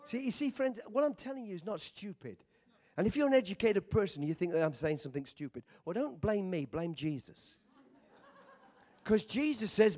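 A man preaching a sermon as a visiting preacher, impassioned, swinging between shouting and quiet storytelling, with joking asides. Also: sits high, sing-song, moderate pace.

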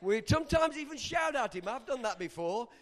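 A male preacher delivering a sermon with animated energy, breaking into shouts at moments of emphasis. His voice is unusually high for a man and ranges widely in pitch. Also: brisk.

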